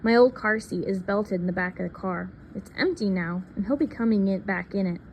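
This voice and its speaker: Woman softly reading a picture book. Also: mid-range voice, brisk, a little hiss or hum. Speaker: reader. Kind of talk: picture book read-aloud.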